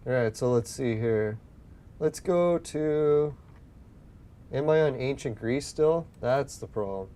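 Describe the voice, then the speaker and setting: Young male gaming host, relaxed mellow voice, rambling storyteller, swears a lot. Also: mid-range voice, takes it slowly. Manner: rambling, swears often, acts out his own past lines. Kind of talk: casual storytelling while playing a game.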